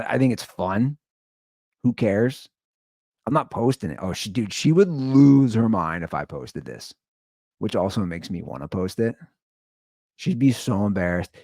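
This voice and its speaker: A man in his thirties hosting a podcast, telling stories in a blunt, profane, animated casual rant. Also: low-pitched, dry recording, clean studio sound. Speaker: podcast host.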